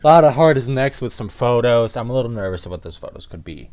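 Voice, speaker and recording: A casual let's-play commentator with animated pitch who swears freely and reacts to the game. Clear game music runs underneath the voice. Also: quick pace, few pauses. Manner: casual, swears, reads lines aloud.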